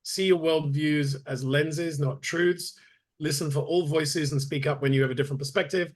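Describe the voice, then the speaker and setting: A man's voice: fairly high pitch, fairly even intonation, moderate pace. A man on a committee video call reading group guidelines aloud, with dry asides. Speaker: committee member.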